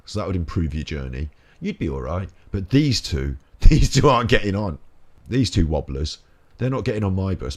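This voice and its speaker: Laughing frequently as he plays, a British man who hosts a gaming channel rambles and jokes through let's play commentary in a low voice with a darkish tone.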